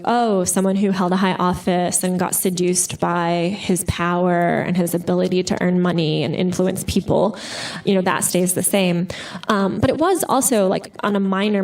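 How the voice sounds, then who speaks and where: Chatty woman author, distant mic. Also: lowish voice. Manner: animated storyteller, full of "like" and "you know". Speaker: author guest. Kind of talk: live interview conversation. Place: bookstore with live audience. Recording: distant mic at live event.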